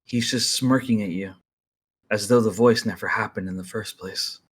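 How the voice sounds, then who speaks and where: A man narrating a tabletop role-playing game as game master in a measured, descriptive way. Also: on the low side, fairly even intonation, a bit bright, husky.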